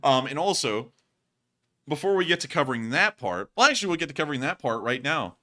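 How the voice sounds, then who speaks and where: This is a man hosting a casual live show. His voice is bright and clear, and he rambles from one tangent to the next with a joking ease. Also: fairly high pitch, big pitch swings, quick pace. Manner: chatty, rambling, joking asides. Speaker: livestream host.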